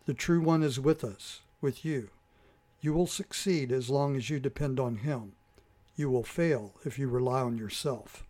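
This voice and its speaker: A man voicing a calm, wise male Emberok guide in a storybook reading, speaking slowly and gravely. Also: medium pitch, lightly acted. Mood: solemn. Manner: slow, grave and measured.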